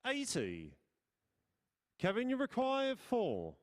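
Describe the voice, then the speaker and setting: A man calling darts scores in a very high, hugely swooping voice. Every call is drawn out slowly and sung across the board like a formal announcement. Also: wildly swooping pitch. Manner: slow, stretched announcements that swoop up and down. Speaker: darts match caller.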